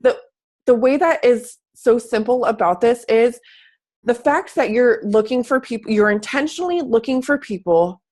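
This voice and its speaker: A young adult woman fitness coach giving a chatty, animated coaching talk, acting out people's thoughts as she goes. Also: on the high side, moderate pace. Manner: chatty, animated, acts out squealing quoted thoughts. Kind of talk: casual coaching talk to camera.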